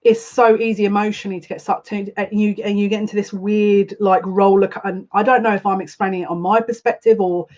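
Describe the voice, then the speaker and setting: A woman chats her way through a live psychic card reading, rambling from thought to thought and wearing her feelings openly. Her voice sits at a middling pitch for a woman. The stream audio is a little dull and lo-fi. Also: level tone, a little fast, few pauses, darkish tone. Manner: chatty, rambling, openly emotional. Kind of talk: live collective tarot reading.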